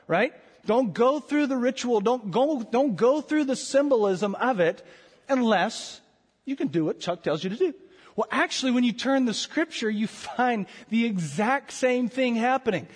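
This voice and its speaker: A man preaching a conversational sermon as pastor, with emphatic repeated words. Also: sits high. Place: church sanctuary. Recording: long hall reverb.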